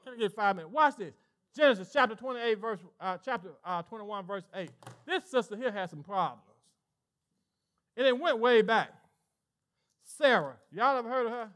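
A male pastor with a Southern US accent, preaching an animated sermon and acting out voices in call-and-response style. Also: high voice, normal speed, long pauses. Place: church sanctuary with congregation.

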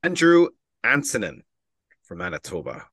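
A man's voice: fairly low pitch, big pitch swings, normal speed, a bit bright, husky, dry recording. A man co-hosting a casual podcast who laughs often and reads names off his phone. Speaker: podcast co-host.

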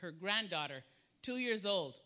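Male preacher, high and piercingly bright tone, emphatic and animated sermon delivery. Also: measured pace. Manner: emphatic, repetitive, acts out quotes with big swings.

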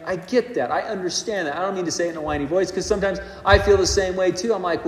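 Male pastor preaching to a congregation, higher voice, echoey church hall with long reverb. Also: quick pace, few pauses. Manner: animated preaching, rising and dropping in loudness. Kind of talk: sermon.

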